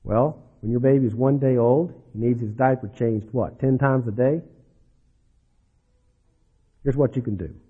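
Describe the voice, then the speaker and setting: A man preaching a sermon, dropping low and soft then rising for emphasis. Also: a little slow, pauses often, husky. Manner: dramatic, swings between soft drops and rising emphasis. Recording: dull lo-fi recording.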